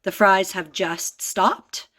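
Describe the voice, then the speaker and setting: A woman's voice: mid-range voice, steady tone, slow, fairly bright tone. A woman from Canada chatting casually through a home kitchen vlog, explaining recipes step by step with plenty of enthusiasm. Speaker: vlogger.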